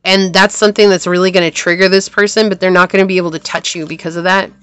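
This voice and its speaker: A woman's voice: lowish voice, little pitch movement, fast talker, a bit bright, smooth, no room sound. A woman giving a casual tarot reading to camera, rambling and repeating phrases, with a sore throat. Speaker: tarot reader.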